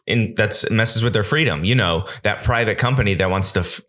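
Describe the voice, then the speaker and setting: A man's voice: on the low side, a little fast, fairly bright tone. A young man co-hosting a podcast, chatting casually with wry, sarcastic jokes. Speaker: podcast co-host. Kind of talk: casual chat.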